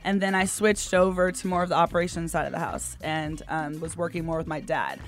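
A woman guest on a radio show, recounting her career path in a relaxed, soft-spoken way. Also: low-pitched, a little fast, faint music behind. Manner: relaxed storyteller, soft-spoken, with many ums and asides. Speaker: guest, company founder. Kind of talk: casual radio interview.

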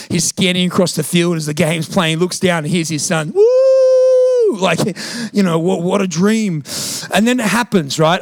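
Man, pastor, sermon, animated storytelling, high voice, gravelly, dry close sound. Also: no echo. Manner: animated, acts out quoted voices, jokey.

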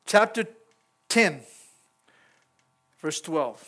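A man's voice: a little high, lively intonation, extremely slow, fairly bright tone. A middle-aged man, a pastor, preaching an informal sermon in church, folksy and chuckling as he talks straight to the congregation.

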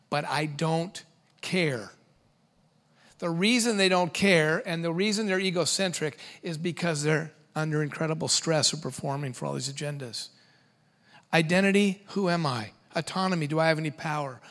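A middle-aged man giving a humorous seminar talk to parents, animated and quick with joking asides. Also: on the high side.

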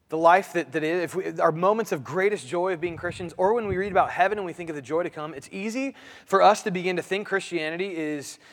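A man's voice: high voice, a bit bright, long reverb tail. A man preaching a sermon as pastor, earnest, often repeating his words, his voice rising and dropping with emphasis. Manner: earnest preaching, repeats phrases, voice rises and drops.

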